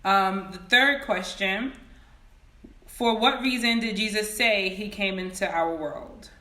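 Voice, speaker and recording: A woman teaching Sunday school over a phone livestream. She speaks slowly with a bright, forceful tone and reads each question twice. The room around her sounds echoey. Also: medium pitch. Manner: greets viewers by name, reads questions slowly and repeats them. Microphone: phone camera.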